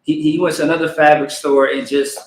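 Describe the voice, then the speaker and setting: A man's voice: on the high side, brisk. Slangy man leading a home service. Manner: relaxed slangy talk with many restarts. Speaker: service leader. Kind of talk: casual chat then call-and-response prayer. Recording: echoey room with faint background noise.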